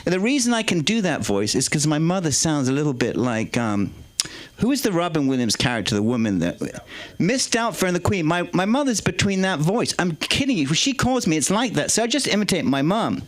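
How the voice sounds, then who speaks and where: A man's voice: on the high side, very animated, brisk. A man performing a brash, bawdy stand-up set on a comedy club stage, mocking himself.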